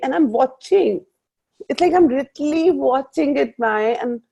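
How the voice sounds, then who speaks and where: A woman coaches a group over a video call, her voice carrying a gravelly edge. She tells her stories with animation and quotes her own inner talk. The sound is muffled, as video-call audio often is. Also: high voice, animated, normal speed, warm tone.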